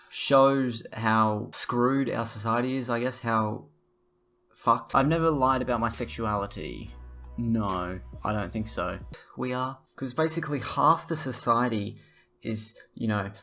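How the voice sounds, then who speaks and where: A young man talks straight into the camera in a rambling, profane rant. His voice sits at an ordinary middle pitch. Faint music plays beneath him. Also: fairly bright tone. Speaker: vlogger. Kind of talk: casual ranting to camera.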